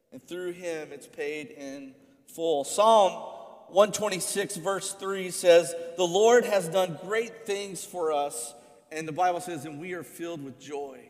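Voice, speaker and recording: High-voiced animated preacher man. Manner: animated storytelling, swings from fast asides to slow emphatic lines. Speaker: pastor. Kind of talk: sermon. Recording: preaching in a reverberant hall.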